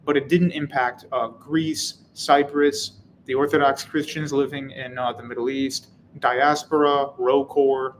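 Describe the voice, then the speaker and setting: A man's voice: medium pitch, little pitch movement, measured pace, slight background noise, low-quality recording. A man hosting a live stream, reading chat comments and answering in a casual, wry, rambling way. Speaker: channel host.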